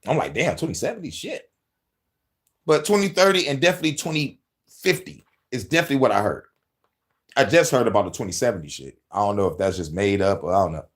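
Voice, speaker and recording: Man, podcast host, lively swinging pitch, profane rant, frequent laughs. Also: fast. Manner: animated, profane, laughs often. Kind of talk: profane conspiracy commentary.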